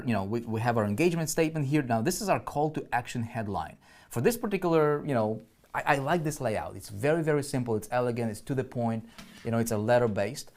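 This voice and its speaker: A man's voice: medium pitch, animated, fast, a little mellow. A man teaching an online marketing lesson as a screen-share walkthrough, thinking aloud, often checking in with listeners and restarting his words. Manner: frequent restarts and repeated words.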